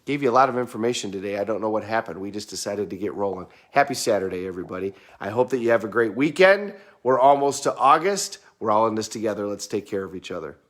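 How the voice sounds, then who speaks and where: A man's voice: fairly low pitch, expressive, fast talker, few pauses. A man coaching his viewers in a motivational talk, earnest and repeating key phrases for emphasis. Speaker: self-help coach.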